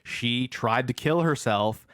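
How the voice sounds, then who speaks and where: Animated man retelling a film. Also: medium pitch, slow pace, no room sound, clean studio sound. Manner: animated retelling, acts out lines. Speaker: podcast co-host. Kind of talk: casual film review chat.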